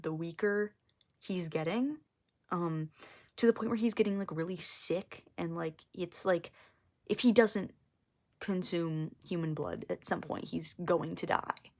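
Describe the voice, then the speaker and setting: Rambling young woman artist. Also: on the low side. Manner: rambling, heavy use of fillers. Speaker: artist vlogger. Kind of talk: casual rambling explanation.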